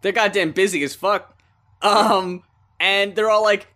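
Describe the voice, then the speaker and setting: This podcast co-host has a high voice with a steady, sharp tone. Chatting casually, he wanders from point to point, swears a lot, and performs the scenes he recounts in rapid voices.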